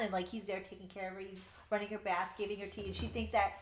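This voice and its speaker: Animated swearing woman, echoey room. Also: medium pitch, fast talker. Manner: animated, swearing, acts out characters' lines. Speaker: podcast co-host. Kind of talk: casual book review chat.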